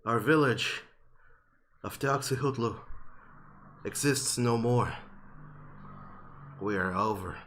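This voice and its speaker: A man's voice: mid-range voice, takes it slowly, pauses often, fairly bright tone. A man voicing a grieving male dog-folk village leader who speaks in solemn, despairing declarations.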